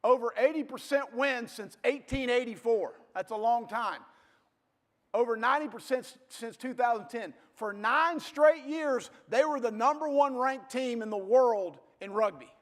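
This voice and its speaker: A man's voice: extremely high pitch, normal speed. A man, a football coach giving a blunt, folksy motivational speech to an audience. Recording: reverberant hall.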